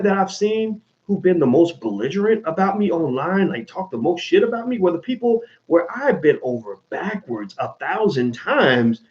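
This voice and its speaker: A middle-aged man giving a casual, emphatic monologue as a commentator, often restarting his sentences. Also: sits high. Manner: animated, emphatic, frequent restarts. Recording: dull lo-fi sound.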